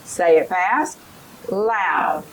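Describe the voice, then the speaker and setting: A woman's voice: on the low side, drawn-out words, slightly rough, poor audio. A woman leading a teacher training session, giving directions and modeling phonics drills aloud.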